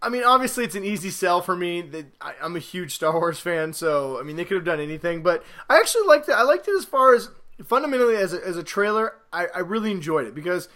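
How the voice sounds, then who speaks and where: An excitable man hosts a casual podcast, rambling through stories and getting louder as they build. His voice sits high and sounds bright and forceful. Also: quick pace, hardly any pauses. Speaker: podcast host.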